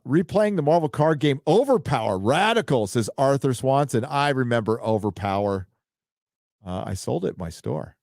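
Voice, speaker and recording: A man's voice: on the low side, gravelly, darkish tone, dry recording. Male stream host, offhand and rambling, casual swearing, dry close sound. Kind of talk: casual live-stream chat, reading donations. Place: home studio.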